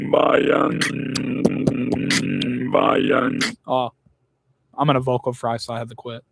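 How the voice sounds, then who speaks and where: A man's voice: medium pitch, very noisy. A young man in casual chat, blunt and rambling, swearing often.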